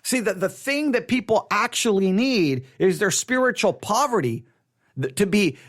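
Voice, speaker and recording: Earnest male Bible study teacher, high and very animated voice, stumbles and restarts, repeats for emphasis. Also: normal speed.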